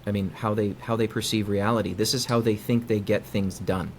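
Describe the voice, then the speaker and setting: A man with a fairly low voice explains how people behave, in an easy conversational way. He slips into quoted dialogue with shifting inflection. A faint background noise sits under the recording. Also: steady tone, fairly quick. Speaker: guest psychologist.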